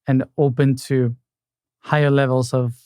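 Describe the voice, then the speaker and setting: A man talking reflectively in a conversation, halting with many pauses and fillers. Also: mid-range voice, level tone, darkish tone, clear, resonant tone, no echo.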